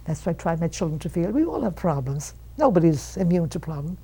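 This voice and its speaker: A woman of one hundred telling stories from her life in an interview, animated and acting out the voices of her relatives. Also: lowish voice, a little fast, breathy edge, low-quality recording. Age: 100. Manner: animated storyteller who acts out quoted relatives. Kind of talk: reminiscing storytelling.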